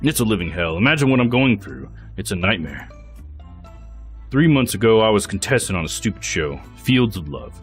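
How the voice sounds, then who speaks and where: A man's voice: lowish voice, very animated, moderate pace, soft background music. A man voicing an older widowed rural farmer who is defensive, rambling and self-pitying. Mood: weary.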